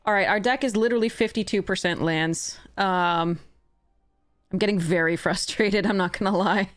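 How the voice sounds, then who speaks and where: A woman with a medium-pitched voice and moderate pace streams a card game, commentating live as she thinks aloud. She's frustrated and swearing, with faint music playing behind her.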